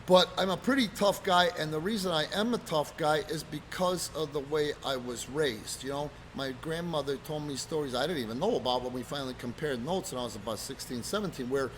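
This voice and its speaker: A man casually telling rough road stories from his wrestling days, swearing freely and loudly acting out what people said. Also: on the high side, a little fast, a little hiss or hum. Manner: profane, animated, acts out quotes loudly. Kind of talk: casual storytelling chat.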